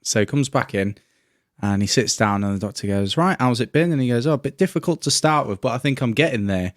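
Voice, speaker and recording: A man's voice: medium pitch, fast. A laid-back man co-hosting a comedy podcast, telling a joke in casual chat. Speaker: podcast co-host.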